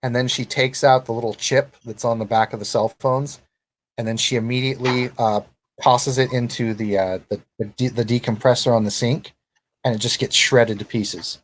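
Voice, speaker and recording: A man's voice: medium pitch, steady tone, moderate pace, slight background noise. A man narrating a tabletop game as game master, in second person with many fillers.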